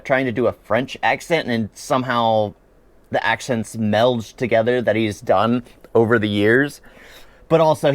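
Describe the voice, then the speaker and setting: A man's voice: mid-range voice, no echo. A man giving a chatty, opinionated spoken review of a series, often laughing as he talks.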